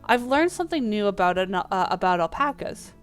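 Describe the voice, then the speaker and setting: A woman's voice: medium pitch, big pitch swings, fairly quick, smooth, soft background music. A woman playing a dating game and reading its text aloud, with small slips and playful asides. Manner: reads lines with small slips and restarts.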